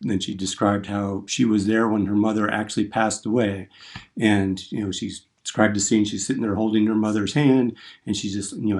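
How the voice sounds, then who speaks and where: Male instructor, slightly low voice, casual storytelling lecture that acts out its quotes. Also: steady tone, moderate pace, a little mellow. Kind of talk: classroom lecture on speechmaking.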